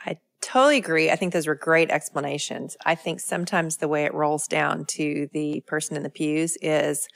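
Low, gravelly-voiced woman. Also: moderate pace, hardly any pauses, dry recording. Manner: thoughtful, asks questions and builds on the others' points. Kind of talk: podcast discussion.

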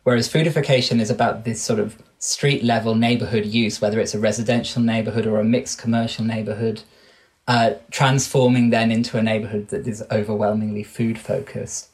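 A man in his thirties, from Wales but with an English accent, is a guest researcher on an interview podcast. His fairly low, darkish voice comes out brisk and flat as he considers his words, frequently breaking off to restart and correct himself.

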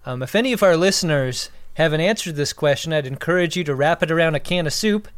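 Wisecracking man, a bit high, dry sound. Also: lively intonation, quick pace, dry recording. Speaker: podcast co-host. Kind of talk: casual chat.

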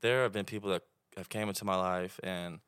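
A man's voice: low voice, brisk, clean tone, no room sound, clean studio sound. Swearing young Oklahoma man telling stories. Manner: swearing, animated storytelling. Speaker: podcast guest, rapper. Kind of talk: casual chat.

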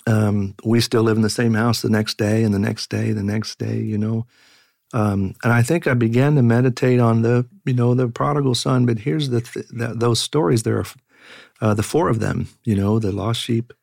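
A middle-aged man, a pastor, telling reflective stories in an earnest, halting way with many fillers. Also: lowish voice, steady tone, gravelly, a little mellow, no echo, clean studio sound. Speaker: pastor and guest. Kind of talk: reflective conversational storytelling.

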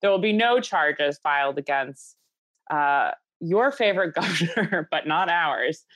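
A woman co-hosting a podcast, chatting casually and trading deadpan, sarcastic jokes. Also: sits low, unhurried, dry recording. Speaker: podcast co-host. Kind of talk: casual comedic chat.

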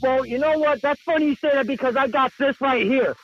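A man putting on a wildly excitable male gossip caller who rattles off wrestling news in a very high, strained voice. He sounds breathless and shouts as he goes, with faint music underneath. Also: fairly quick, muffled recording. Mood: hyped. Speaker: hotline caller. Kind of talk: comedic podcast bit.

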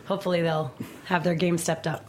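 A woman's voice: lowish voice, level tone, brisk, a little mellow. A woman hosting a radio show, chatty and jumping into the conversation. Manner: chatty, jumps in. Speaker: radio host. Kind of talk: casual radio chat.

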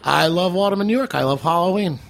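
A man's voice: high voice, quick pace, vocal fry, fairly bright tone. A man co-hosting a radio talk show, joking with playful, exaggerated enthusiasm. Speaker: co-host. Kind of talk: casual banter.

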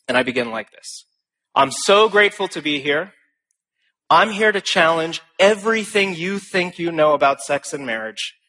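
A young man speaks at a conference in a bright, forceful voice that sits a little high. He tells stories to the audience in an animated way and often pokes fun at himself. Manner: animated, self-deprecating storytelling. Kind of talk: speech to a live audience.

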